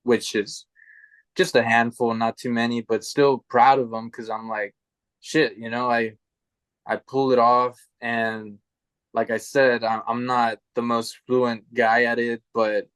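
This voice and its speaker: A man hosting a podcast interview, talking in a relaxed, hesitant way with slang. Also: mid-range voice, a little slow, clean tone, dry recording. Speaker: podcast host. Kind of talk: casual interview chat.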